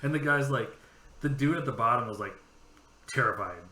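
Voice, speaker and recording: A man co-hosting a podcast in casual chat, telling profane, animated stories and laughing often. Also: medium pitch, brisk, roomy sound, slight background noise. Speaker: podcast co-host.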